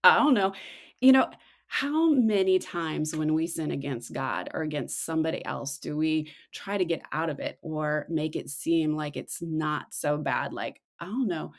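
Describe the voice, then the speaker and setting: A middle-aged woman co-hosting a casual devotional chat, slowing and softening on her reflective points. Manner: acts out quoted voices with big pitch jumps. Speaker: podcast co-host.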